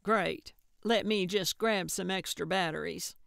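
A woman voicing a cantankerous, blunt elderly woman sleuth in an audiobook, talking loudly and indignantly. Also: on the low side, unhurried, creaky, no echo, clean studio sound, full character voice. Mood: brash. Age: older. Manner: brash, hollering, indignant. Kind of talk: audiobook character voice.

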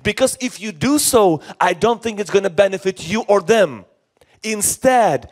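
Slow, high-voiced preaching man. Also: animated, a little mellow. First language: Russian. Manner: earnest, repeats phrases, speaks in short phrases. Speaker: pastor. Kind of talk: sermon. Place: church.

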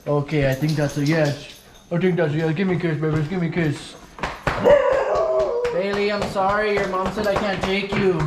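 A man's voice: sits high, steady tone, moderate pace, heavy background noise. A man chatting casually to camera while out on a lake, talking affectionately to his dog between comments. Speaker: vlogger. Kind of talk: casual outdoor vlog chat. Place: small boat on a lake outdoors.

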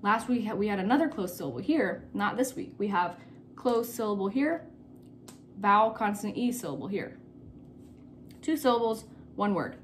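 A woman teacher leads a recorded phonics lesson for children at an ordinary middle pitch. She explains step by step, patiently repeating the key words. A faint hum of noise sits under her voice, picked up by a camera mic. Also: lively intonation, moderate pace.

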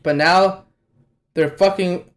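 A man hosting a live anime reaction, talking casually and profanely, with sudden loud exclamations at what he sees. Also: high voice, fairly even intonation, slow pace. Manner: casual slangy talk to the viewer. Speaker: reaction channel host.

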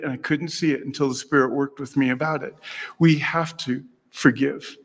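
A man's voice: mid-range voice, steady tone, normal speed, husky. Earnest man lecturing in a reverberant room. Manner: earnest storytelling, acting out his own thoughts. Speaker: speaker giving a religious lecture. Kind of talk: devotional talk with personal stories. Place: meeting room before an audience.

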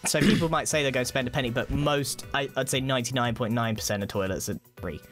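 A man's voice: mid-range voice, fast, a bit bright, soft background music. A British man, not from London, co-hosting a casual group podcast and explaining slang with many restarts and repeated words. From England. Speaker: podcast co-host.

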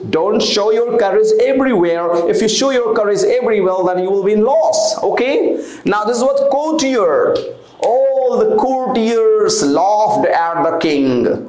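A man's voice: high-pitched, a little mellow, echoey room, poor audio. A man with an Indian accent teaching English vocabulary, repeating example sentences and explaining in Hindi. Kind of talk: classroom vocabulary lesson.

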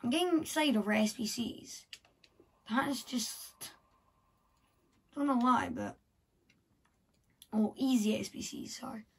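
A husky, fairly high woman's voice talks slowly through a video game, half muttering to herself as she thinks aloud. The commentary is casual and unhurried, with soft keyboard clicks behind her. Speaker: gameplay vlogger.

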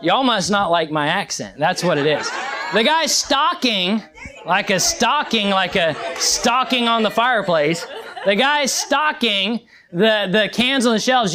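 A young man preaching a sermon as pastor, rising to fervent peaks and dropping to quiet reflection. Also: sits high.

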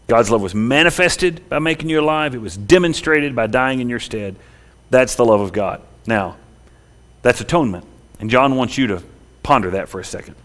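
Preaching man, surging loud then hushed. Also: animated. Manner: dynamic preaching, swelling loud and high then dropping quiet and slow. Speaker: pastor. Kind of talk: sermon. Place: church sanctuary.

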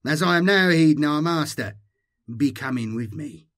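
A man's voice: fairly high pitch, expressive, moderate pace, a bit bright, no room sound, studio quality, voice pushed up. A man voicing a mesmeric, commanding male cult leader who speaks in broken phrases.

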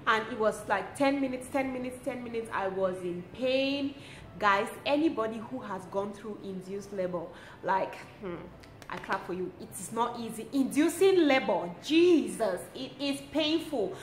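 A young woman tells a personal story in a lively, expressive way, breaking into laughter often. Her voice sits fairly high. The recording sounds roomy, with a faint hum of ambience behind her. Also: moderate pace. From Cameroon. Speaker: lifestyle vlogger. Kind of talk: casual storytelling to camera.

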